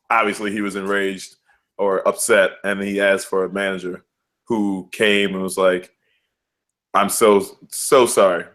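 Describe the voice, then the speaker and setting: A man's voice: fairly low pitch, fairly bright tone. This is a man, chatting on a casual podcast. He tells stories in a loose, slangy way and slips into quoted voices for the people in them. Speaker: podcast co-host. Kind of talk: casual sports and news podcast chat.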